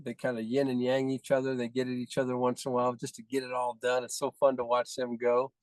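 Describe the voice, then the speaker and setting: A man's voice: medium pitch, completely flat delivery, fast, dry recording, rough recording. A man leading a team call, praising members one by one in effusive, repetitive phrases. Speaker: team leader presenting recognitions.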